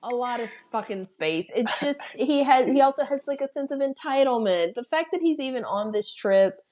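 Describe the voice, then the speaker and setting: A woman's voice: high-pitched, animated, normal speed, a little mellow. A woman hosting a podcast, recapping a horror film's plot in a casual, blunt way, swearing freely and laughing. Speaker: podcast host.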